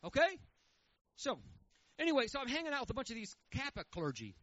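A man preaching a sermon, telling a story in a folksy, animated way. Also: very high-pitched, fairly quick, no room sound, muffled recording. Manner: animated, folksy, with quoted voices.

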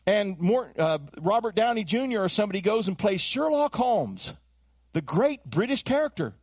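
Animated high-voiced pastor preaching. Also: male voice, moderate pace, breathy edge, no echo. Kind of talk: sermon. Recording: dull lo-fi dry recording.

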